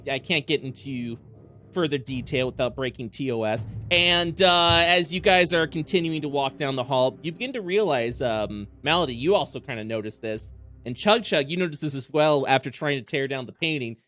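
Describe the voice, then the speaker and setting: A man's voice: mid-range voice, animated, moderate pace, pushed and bright. A young adult man narrating a tabletop game as dungeon master, rambling with lots of fillers.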